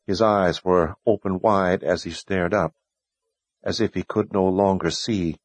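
A man narrating an audiobook in a steady, measured storytelling voice. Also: low voice, no echo. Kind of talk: scripted narration.

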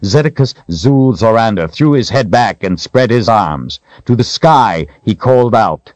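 A man reading a fantasy novel aloud with dramatic, expressive storytelling. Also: lowish voice, unhurried, few pauses, dry recording. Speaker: audiobook narrator. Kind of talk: scripted fantasy narration.

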